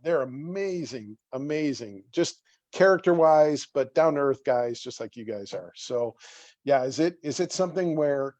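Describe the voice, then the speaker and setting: A man's voice: mid-range voice, animated, measured pace, a little mellow, no echo. A man hosting an interview, chatty and self-deprecating, asking rambling questions. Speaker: interview host. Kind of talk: casual interview chat.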